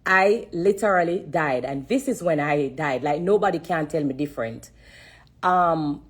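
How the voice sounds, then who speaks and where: A Jamaican woman speaks into her phone on a live stream, her voice low and husky. She is earnest and close to tears, repeating phrases again and again for emphasis as she gives her testimony. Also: expressive, measured pace. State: fighting back tears.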